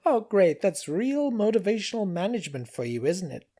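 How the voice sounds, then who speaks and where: A man's voice: high voice, big pitch swings, normal speed, warm tone, pitched above the performer's own voice, heavily acted. A man voicing a small, smug, quarrelsome male machine that rants and whines. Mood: ranting. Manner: smug, whiny, ranting.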